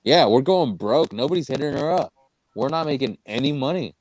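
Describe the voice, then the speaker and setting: A man's voice: mid-range voice, lively intonation, a little fast, a little mellow, dry recording. A man cracks crude, mock-bossy jokes in a loose live chat. His voice sits in an ordinary middle range and is recorded dry and close, with no room sound at all. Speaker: co-host of a live gossip chat. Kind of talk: crude joking banter.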